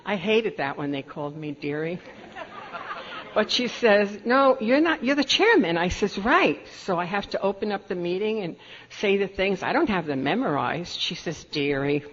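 A woman's voice: fairly low pitch, animated, moderate pace, slightly rough. An older woman with a New York accent, telling stories from her own life at a meeting, laughing through them. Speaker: Al-Anon speaker. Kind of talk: storytelling talk at a meeting. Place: meeting hall. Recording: dull lo-fi recording with faint room noise.

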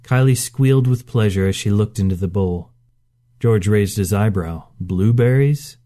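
A man narrating a short story in a steady, measured reading. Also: on the low side. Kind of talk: scripted narration.

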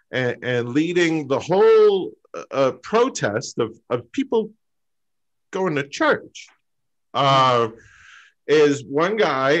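A man telling a comic true story on stage, halting with fillers before deadpan punchlines. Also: mid-range voice. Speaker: open mic storyteller.

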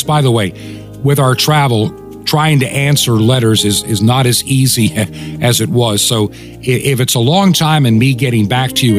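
Tired, earnest male radio host. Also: medium pitch. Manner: earnest, slows to spell out details. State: tired, weak voice. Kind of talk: radio appeal to listeners.

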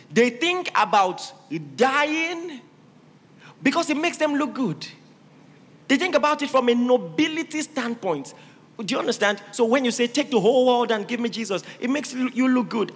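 Male preacher, high animated voice; emphatic sermon delivery in a reverberant hall. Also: a little hiss or hum. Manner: emphatic, rising to shouted exhortations. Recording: reverberant hall with faint ambience.

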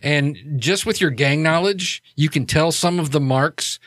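A man's voice: fairly high pitch, unhurried, fairly bright tone, dry recording, studio quality. A man running a tabletop game as game master, narrating in a casual way with frequent fillers. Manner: casual, many fillers and restarts.

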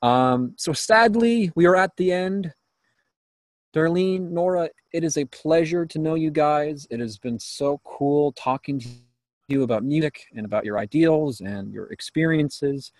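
A man hosting a casual podcast interview, phrasing his questions hesitantly and haltingly. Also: a little high, darkish tone, dry recording.

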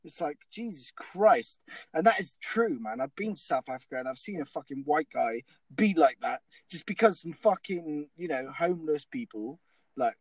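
A man's voice: a little high, expressive, moderate pace, dry recording, rough recording. A young man telling comic stories in casual chat, swearing often and laughing along. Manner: swears a lot, laughs mid-story.

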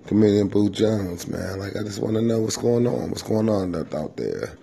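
A low, gravelly male voice rambling loosely through a self-recorded comedy podcast at home. He swears freely and keeps it conversational and offhand. The tone sits dark and mellow. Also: normal speed, few pauses. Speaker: comedian hosting his own podcast. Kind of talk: casual rambling comedy monologue. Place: home kitchen. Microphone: simple home setup, self-recorded.

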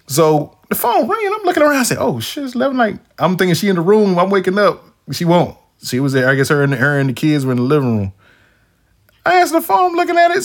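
A grown man hosting a casual chat, telling stories with slang and swearing and acting out the quoted voices. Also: on the high side. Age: adult, past his younger days. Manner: animated storyteller, acts out quotes in shifting voices; swears freely, slangy street talk. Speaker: podcast host.

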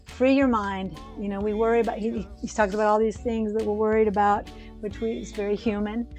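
A woman's voice: mid-range voice, fast, soft background music. A woman telling a personal story in a casual, rambling conversation on a podcast. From United States. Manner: animated, rambling with many restarts. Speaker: podcast co-host.

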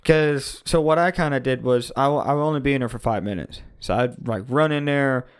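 A man who works as a forklift mechanic, telling work stories in a casual, profane, animated way and calling the other speaker "dude". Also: mid-range voice, fairly quick, smooth. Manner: animated storyteller, heavy swearing, says "dude" often.

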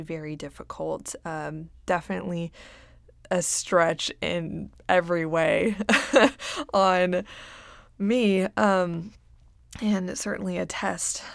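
A young woman hosting a faith and career podcast, speaking in an earnest, casual monologue with many ums and soft laughs. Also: on the low side, vocal fry, dry recording, studio quality. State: getting choked up. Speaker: podcast host and career coach.

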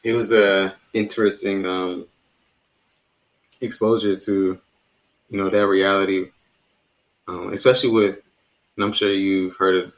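Low-voiced, relaxed man from D.C. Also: a little slow, long pauses, poor audio. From Washington, D.C. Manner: relaxed, reflective, many "you know" fillers. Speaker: podcast co-host. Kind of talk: casual conversation.

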